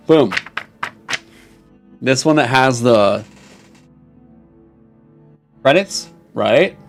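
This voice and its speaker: A young man streaming casually, reading chat aloud and reacting with animated, swear-filled mock outrage. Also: medium pitch, takes it slowly, long pauses, faint music behind.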